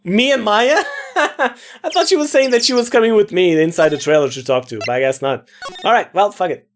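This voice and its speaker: A woman who plays through a game and comments casually, chatty and quick to swear. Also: mid-range voice, lively intonation, faint music behind. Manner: chatty, swears, laughs at herself. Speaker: let's player.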